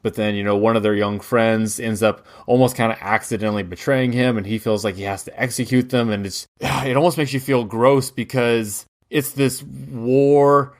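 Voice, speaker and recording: A man's voice: medium pitch, steady tone, normal speed, few pauses. American man chatting casually about film. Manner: rambling, many fillers and restarts. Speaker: podcast co-host.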